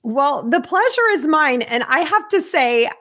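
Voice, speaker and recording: A woman's voice: high-pitched, expressive, unhurried, fairly bright tone. An American woman speaking as a guest on a podcast, enthusiastic and effusive. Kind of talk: podcast interview.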